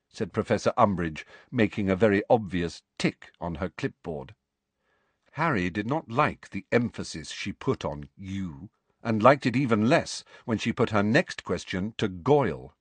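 A man narrating an audiobook in an expressive storytelling manner. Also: lowish voice, measured pace, breathy edge, no room sound. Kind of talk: scripted narration.

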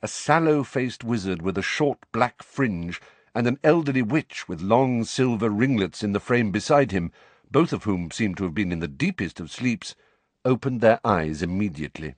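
A man's voice: lowish voice, lively intonation, normal speed, no echo. A man narrating an audiobook expressively, shifting his voice for the characters.

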